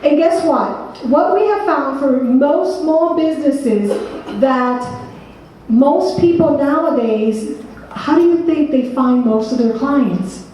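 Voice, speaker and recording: A woman's voice: high voice, slow pace, dark tone, slight background noise. A woman from New Jersey with a New Jersey accent, presenting a workshop seminar and quizzing her audience by name. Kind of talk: interactive seminar talk. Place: meeting room with an audience. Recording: echoey room from a distance.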